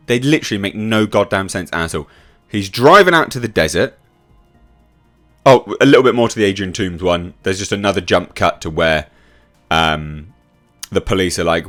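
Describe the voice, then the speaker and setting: A man rants through a film review, exasperated and swearing freely as he rambles and restarts his sentences. His pitch swings widely and lively across every phrase, with faint music playing behind him. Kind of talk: casual video review rant.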